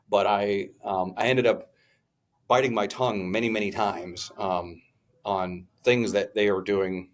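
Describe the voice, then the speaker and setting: A man co-hosting a podcast who reflects on his work with clients. He talks in a loose, rambling way, full of hesitations and restarts. His voice sits a little lower than most men's. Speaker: podcast co-host and business owner. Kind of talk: casual podcast conversation.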